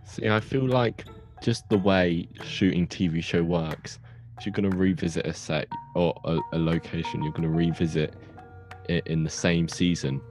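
A man's voice: sits low, steady tone, darkish tone, soft background music. A young man co-hosting a podcast, recapping a plot in a rambling, jokey way. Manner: rambling, jokey storytelling with quick asides. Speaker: podcast co-host.

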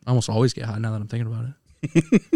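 A man's voice: medium pitch, warm tone, no room sound. A man co-hosting a casual podcast from a basement studio, ranting at length and swearing freely. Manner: profane, rambling rants. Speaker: podcast co-host.

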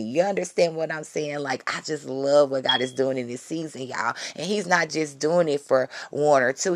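Gravelly low-voiced woman testifying. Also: no echo, studio quality. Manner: excited, repeats her phrases, calls out to listeners. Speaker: Christian vlogger giving testimony. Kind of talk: casual devotional talk.

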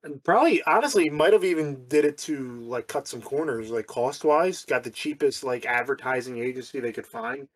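A man's voice: medium pitch, moderate pace, few pauses. A man co-hosting a podcast in casual chat, thinking aloud with restarts and blunt swearing, recorded far from the microphone with an echo. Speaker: podcast co-host. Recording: far from the mic, roomy echo.

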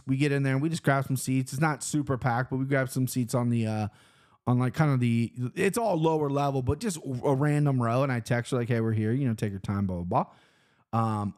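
With a mid-range, slightly mellow voice, a Cincinnati vlogger casually walks through his weekend. The story is loose, rambling, and peppered with swearing.

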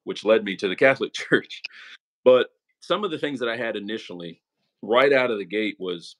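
A man's voice: on the low side, expressive, normal speed, fairly bright tone. A young man telling his story as an interview guest, casual and earnest, with emotion showing, often tossing in "man" and "right?". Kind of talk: casual conversational testimony.

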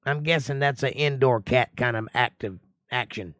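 A man's voice: normal speed, fairly bright tone, no room sound. Man reading scripture with chatty asides. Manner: reads scripture aloud and breaks in with casual, joking commentary; voices the figures in the reading with rising pitch and a whiny tone. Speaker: Bible study teacher. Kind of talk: livestream Bible study.

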